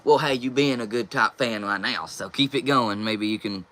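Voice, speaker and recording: A man's voice: mid-range voice, moderate pace, bright, forceful tone. A young man hosting a casual live stream, reading viewer comments aloud and answering them.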